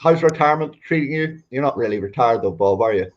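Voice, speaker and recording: A man hosting an interview over a video call, asking friendly, quick questions. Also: mid-range voice, animated, dull audio. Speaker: podiatrist host. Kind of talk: casual interview chat.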